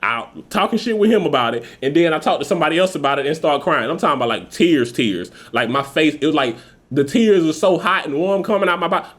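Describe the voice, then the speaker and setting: A man's voice: fairly high pitch, animated, fast talker, a bit bright. A man in his thirties hosting a podcast, talking casually with heavy profanity and rambling, laughing tangents. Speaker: podcast host. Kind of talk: casual venting monologue.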